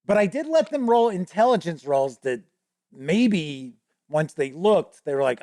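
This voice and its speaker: A man's voice: on the high side, big pitch swings, a little slow, warm tone, dry recording, studio quality. Rambling man telling a game story. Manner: rambling, many restarts, acts out players' voices. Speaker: host. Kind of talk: casual storytelling.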